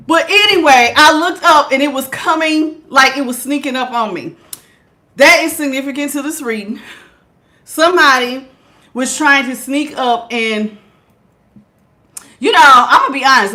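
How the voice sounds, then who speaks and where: A woman giving a casual tarot reading at home, talking straight to her viewers in an animated, slangy way. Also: high voice, normal speed. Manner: animated, talks straight to viewers with Southern-style slang and bursts of laughter. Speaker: tarot reader.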